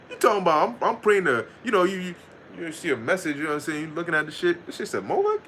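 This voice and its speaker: A man giving a casual scripture lesson, reading verses slowly and commenting in loose, profane talk with frequent laughter. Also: sits high, lively intonation, sharp tone, slight background noise. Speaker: Bible teacher.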